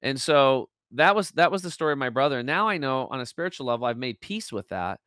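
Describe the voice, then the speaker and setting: A man's voice: mid-range voice, lively intonation, fast talker, a bit bright, smooth, no echo, clean studio sound. A man telling a personal story as an interview guest on a video call, acting out the quoted dialogue with lots of fillers.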